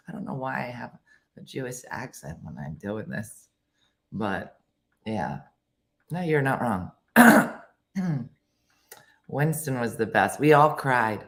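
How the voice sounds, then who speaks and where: A middle-aged woman with an extremely low, hoarse voice, still raw from a lingering cough. She chats unhurriedly and rambles, and her pitch rises and falls with lots of life. Her tone is self-mocking, and she laughs easily as she talks. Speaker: host. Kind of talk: casual morning show chat, reading viewer comments.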